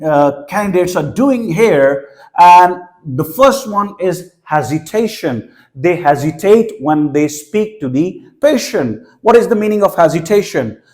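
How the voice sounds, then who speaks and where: A man with a Pakistani accent and a notably high speaking voice gives an exam-prep lesson. He explains methodically, restating points and sometimes stumbling over repeated words as he works out his phrasing. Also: a little mellow. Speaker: exam tutor. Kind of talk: teaching lecture.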